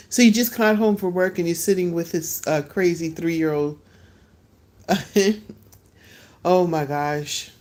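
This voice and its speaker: A middle-aged woman chatting casually and live with her viewers from her porch, relaxed and quick to laugh, eating as she talks. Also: on the low side.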